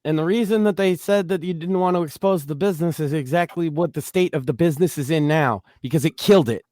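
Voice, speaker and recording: A man's voice: a little high, fast, darkish tone, no room sound. A man co-hosting an online talk show, ranting with strong opinions and mocking what other people say. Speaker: podcast co-host. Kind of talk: casual online show chat.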